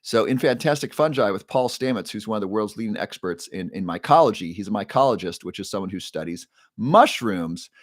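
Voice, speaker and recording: A man's voice: lowish voice, expressive, a little fast, no echo, clean studio sound. A man hosting a casual live stream as a neuroscientist, upbeat, greeting viewers by name and often restarting his sentences.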